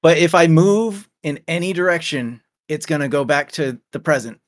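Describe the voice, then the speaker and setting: A man in his thirties, a podcast co-host in relaxed, chatty casual talk with some swearing. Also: on the high side, moderate pace, dry recording, studio quality. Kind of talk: casual chat.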